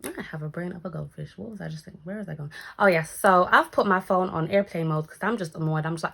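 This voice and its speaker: A young woman tells a story for her vlog in a casual, chatty way. She slips into other people's voices as she goes, and her speaking voice sits fairly low. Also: fast, gravelly, few pauses, husky. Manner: animated, acts out quoted lines, swears casually. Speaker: storytime vlogger.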